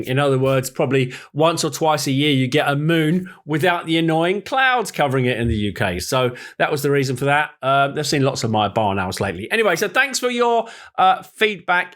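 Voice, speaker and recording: A man's voice: fairly high pitch, fairly bright tone. A man, a wildlife photographer, talking through his pictures in a chatty, rambling, self-deprecating way. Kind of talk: casual vlog chat.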